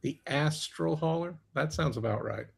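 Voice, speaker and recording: A man's voice: a little high, normal speed, vocal fry, husky. A man playing a tabletop game, making wry joking remarks. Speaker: player. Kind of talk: casual chat at a tabletop game.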